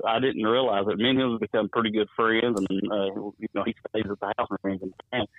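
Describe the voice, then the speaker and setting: A wrestling promoter calls in for a phone interview, rambling and chuckling as he tells stories. His lowish voice has fairly even intonation and a quick pace, heard over a tinny, dry phone line.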